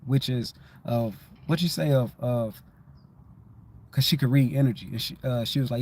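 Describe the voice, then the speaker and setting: A man's voice: mid-range voice, moderate pace, a little mellow. Rambling laid-back man. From Detroit, USA. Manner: rambling, keeps repeating "you know what I'm saying"; laid-back, loose and conversational. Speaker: livestream host. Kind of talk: casual spiritual livestream monologue.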